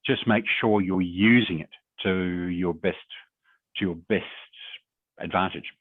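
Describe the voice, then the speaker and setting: A man's voice: low-pitched, steady tone, unhurried, husky, no echo. A man speaking as a guest on a video call, giving conversational, encouraging advice on public speaking and answering questions reflectively. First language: English. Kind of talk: webinar Q&A advice. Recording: dry, tinny phone-like call audio.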